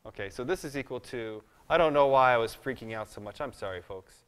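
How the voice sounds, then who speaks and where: Chatty math lecturer in a reverberant hall. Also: male voice, mid-range voice, fast talker, smooth. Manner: chatty, self-deprecating, thinks aloud at the board. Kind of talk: live classroom lecture.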